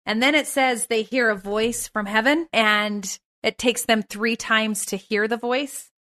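A woman's voice: a little high, steady tone, a little slow, sharp tone. A woman hosting a conversation, thoughtful and asking open questions. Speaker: host. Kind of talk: casual conversation.

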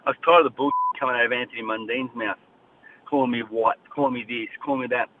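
A man's voice: mid-range voice, steady tone, fast talker. A man with an Australian accent, a boxer talking bluntly and repeating himself as a guest in a radio interview. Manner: blunt, repetitive, fired-up. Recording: tinny phone line with faint noise.

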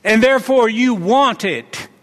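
High-voiced man preaching in a reverberant hall. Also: a little slow, fairly bright tone. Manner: emphatic, exhorting preacher, repeats declarations. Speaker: pastor. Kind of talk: sermon.

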